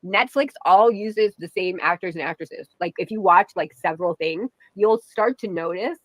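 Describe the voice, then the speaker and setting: A woman's voice: lowish voice, normal speed, no room sound. Rambling, tearful woman in her forties. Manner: rambling, tearful, full of fillers. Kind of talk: rambling personal livestream talk.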